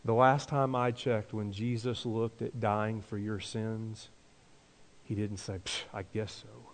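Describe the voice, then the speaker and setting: A man's voice: fairly low pitch, flat delivery, slow pace. A male pastor preaching a conversational sermon. He asks the congregation questions and leads them in call-and-response. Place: church sanctuary. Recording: long reverb of a large church hall.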